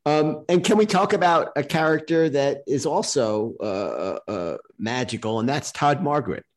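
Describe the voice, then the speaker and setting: A man's voice: mid-range voice, animated, moderate pace. A man interviewing a guest in a casual chat, reacting with enthusiasm.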